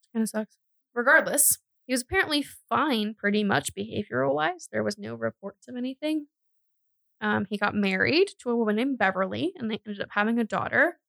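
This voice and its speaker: A woman's voice: mid-range voice, expressive, a little fast, gravelly, fairly bright tone, dry recording. A young woman co-hosting a podcast, telling a true-crime story in a chatty way, with lots of fillers and self-corrections. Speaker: podcast co-host.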